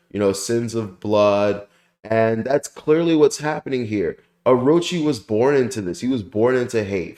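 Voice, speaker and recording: A young man hosting a casual review channel, rambling excitedly with lots of fillers and the odd swear word. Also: fairly low pitch. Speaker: anime review channel host. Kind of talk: casual spoken manga chapter review. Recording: roomy echoey room.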